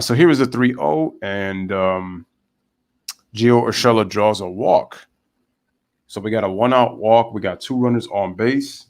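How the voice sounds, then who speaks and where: A young man calls a baseball game live for his online viewers, reading the chat aloud between pitches. His voice sits at an ordinary middle pitch but leaps sharply upward when he launches into heated, ranting asides. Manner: animated, ranting, chatty with viewers. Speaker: live baseball commentator and streamer. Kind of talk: casual live play-by-play with rants.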